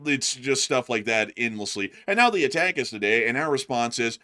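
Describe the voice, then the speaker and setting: A man's voice: mid-range voice, very animated, a little fast, few pauses, sharp tone. A man co-hosting a casual news commentary livestream, blunt and exasperated. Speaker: co-host.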